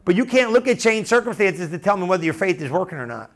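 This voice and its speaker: A male preacher delivering a sermon with a fairly high voice. He talks loosely and conversationally, circling back on phrases and checking in with the room. His tone stays animated and direct. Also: quick pace. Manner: conversational, animated, repeats and restarts phrases, asks the room questions.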